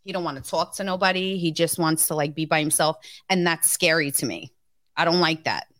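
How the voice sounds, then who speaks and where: A woman's voice: sits low, a little fast, a bit bright, dry recording, studio quality. A woman co-hosting a podcast in casual chat, frank and blunt, swearing freely. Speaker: podcast co-host.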